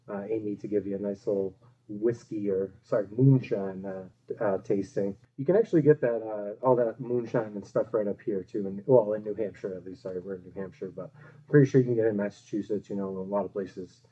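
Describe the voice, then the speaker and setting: A young man co-hosting a podcast, talking in a relaxed, rambling way with many fillers. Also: on the low side, a little fast, breathy edge, muffled recording. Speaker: podcast co-host. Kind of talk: casual chat.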